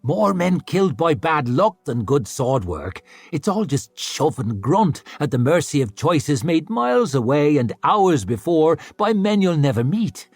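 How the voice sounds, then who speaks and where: A man's voice: a little high, big pitch swings, a little slow, hardly any pauses, slightly rough, dry recording, pitched above the performer's own voice, heavily acted. A man voicing a weary, sardonic veteran male warrior who has fought too many battles. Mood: wry. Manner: dry, sardonic.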